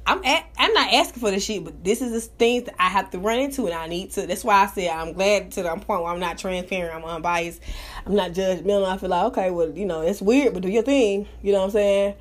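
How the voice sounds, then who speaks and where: A woman hosting her own live talk show, chatting casually in an animated, profane, gossipy way. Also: medium pitch, fairly quick. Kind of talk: casual chat.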